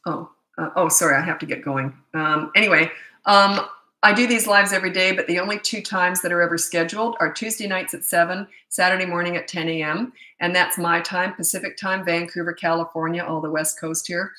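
A woman in her sixties hosts a live-stream Q&A as a parenting coach. Her voice sits fairly low but sounds bright and forceful. She talks in a chatty, candid way, wandering into asides, and her voice rings in a roomy, echoey space. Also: fairly even intonation, brisk. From North America. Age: 60s. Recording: echoey room.

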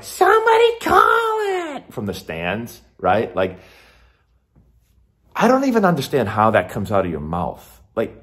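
A middle-aged man casually commentating on a baseball video game and coaching tips in a chatty, rambling way. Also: on the low side. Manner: chatty, rambling, animated asides.

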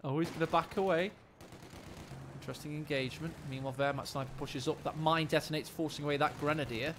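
A man casting a live strategy game with quick, jokey play-by-play and sudden excited rises. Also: a little high, noisy background. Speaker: game caster. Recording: game battle sounds under the voice.

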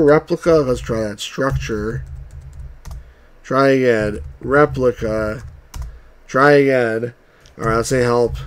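A man's voice: mid-range voice, a bit bright. A man hosting a let's-play of old computer games, reading the on-screen text aloud and tossing in wry, grumbling remarks. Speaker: game reviewer and channel host.

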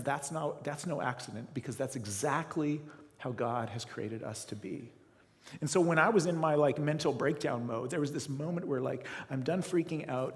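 A middle-aged Canadian man preaches a sermon in a church sanctuary, his voice sitting a little high for a man. He tells stories animatedly, swinging between big declarations and hushed asides. A long hall reverb trails after his words. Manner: animated storytelling preacher, acting out his own inner voice. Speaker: pastor.

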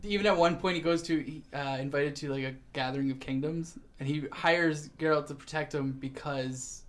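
A man in casual podcast chat, rambling through a show's plot and briefly acting out the characters. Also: a little high. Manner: rambling, acts out characters in quick put-on voices. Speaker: podcast co-host. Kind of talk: casual chat recapping a show.

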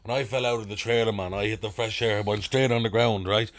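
Lively Irish storyteller man. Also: on the low side, fast talker. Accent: Irish, Dublin. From Ireland. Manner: animated anecdote-telling with crude slang and put-on voices. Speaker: podcast guest, actor. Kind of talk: casual storytelling.

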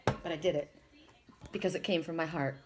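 A woman's voice: deep voice, steady tone, a little fast, very noisy. A woman doing a spiritual card reading for viewers, talking in a rambling, encouraging way with frequent restarts. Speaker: tarot and oracle card reader.

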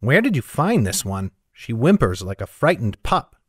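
A man's voice: medium pitch, sing-song, normal speed, slightly rough, no room sound, studio quality. A man reading an audiobook, voicing a mocking, haughty streetwise young man. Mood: scornful. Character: scornful streetwise young man, would-be scholar.

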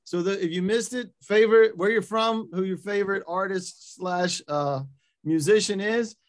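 A man hosting a webinar in a casual, upbeat way, reading out audience messages with quick asides over a video call. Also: sits high. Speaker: webinar host.

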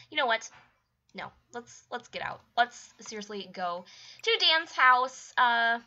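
Animated young woman playing a life sim. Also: fairly high pitch, takes it slowly, dull audio. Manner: exasperated, scolding the game characters. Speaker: gaming YouTuber. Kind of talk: let's play commentary.

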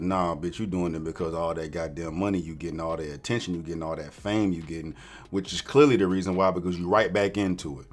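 Profane ranting man, lowish voice. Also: steady tone, fast talker. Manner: blunt, profane, slangy ranting. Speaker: commentary host. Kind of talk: reaction commentary.

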